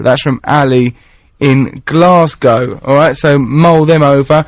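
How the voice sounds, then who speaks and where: Speaking at a normal pace in a slightly high voice, a male radio host chats casually and playfully while reading out texts from listeners. His studio microphone picks up no echo, though the broadcast sounds dull and lo-fi.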